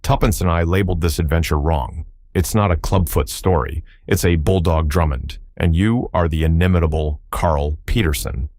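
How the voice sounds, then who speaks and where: A man voicing a cheerful, flippant young English gentleman detective, breezy and unflappable. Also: low voice, moderate pace, dry recording, clean studio sound.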